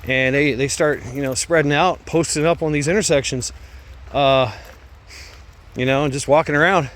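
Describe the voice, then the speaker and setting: A man's voice: on the high side, steady tone, moderate pace, fairly bright tone. Rambling, profane man telling a story. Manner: rambling and profane, heavy fillers and restarts; laughs often while telling. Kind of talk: casual storytelling.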